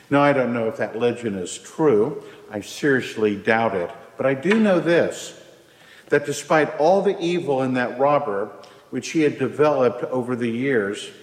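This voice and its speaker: Slow-preaching man in an echoey church. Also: medium pitch. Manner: slow, measured preaching with a prayer opening. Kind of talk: sermon.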